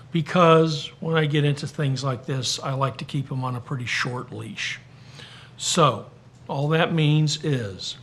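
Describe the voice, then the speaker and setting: A man serving as special magistrate, handing down a ruling in a measured, formal, matter-of-fact way. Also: fairly high pitch, a bit bright. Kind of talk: issuing a ruling at a hearing. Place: hearing room.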